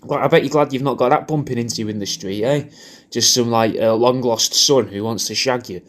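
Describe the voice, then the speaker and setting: Speaking fairly quickly at a medium pitch, this man is a comedian taping a personalised video. His crude birthday message wanders, circles back on itself with repetition, and slips into goofy voices for quoted lines.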